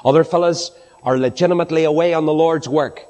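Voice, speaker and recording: A man preaching a sermon to a congregation, swinging from high, ringing exclamations down to low, hushed phrases. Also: steady tone, fast. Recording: long hall reverb.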